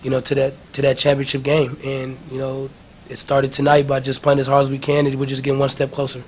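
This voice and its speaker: A young man, a basketball player, talking in a relaxed, rambling way in a post-game interview. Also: mid-range voice, fast talker, slight background noise. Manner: relaxed, rambling, many "you know"s.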